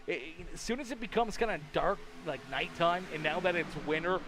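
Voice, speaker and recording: A man from Canada calling a live sim race as commentator, excitable with loud bursts and rambling asides, tired and yawning. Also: sits high, brisk. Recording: noisy stream audio with race-car engine sound.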